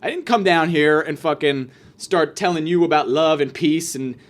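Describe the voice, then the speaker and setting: A young man telling a comedic story as a podcast host, animated, sarcastic and profane, with quick asides. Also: fairly high pitch.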